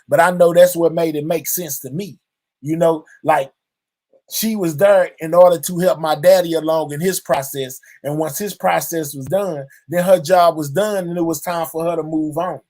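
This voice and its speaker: High-voiced man in earnest reflection. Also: fairly even intonation, moderate pace, a little mellow. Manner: drawling, fills nearly every line with "you know what I'm saying"; earnest and reflective, speaking openly to his audience. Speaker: channel host. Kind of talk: heartfelt personal monologue to viewers.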